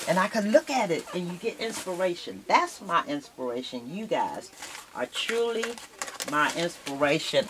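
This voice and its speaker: A woman's voice: lowish voice, fairly bright tone, slight background noise, low-quality recording. A woman chatting casually in a craft vlog as she opens mail, gushing and exclamatory, often close to tears with gratitude. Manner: gushing, exclamatory, emotional and grateful. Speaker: crafting vlogger. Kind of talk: casual chat while unboxing mail.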